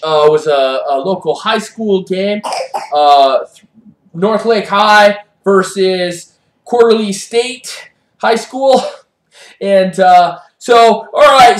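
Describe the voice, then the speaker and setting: An improv performer playing a sports correspondent who gives excited, rambling play-by-play, often shouting and breaking into quick put-on voices for the players. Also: medium pitch. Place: improv stage. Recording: roomy stage sound, mic far off.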